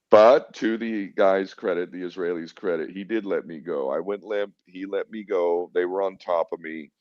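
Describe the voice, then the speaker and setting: A man's voice: low voice, normal speed, few pauses, dry recording. A man telling a personal story as an interview guest, in a blunt, casual, profane way. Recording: muffled lo-fi recording.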